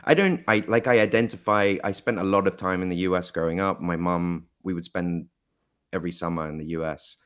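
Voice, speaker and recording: A man from Mexico talks in a relaxed interview, his mostly English accent carrying American touches. His voice sits low, and he hesitates often, with fillers and restarts. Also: a little fast, smooth. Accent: mixed, mostly English with American touches. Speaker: guest actor. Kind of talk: casual interview chat.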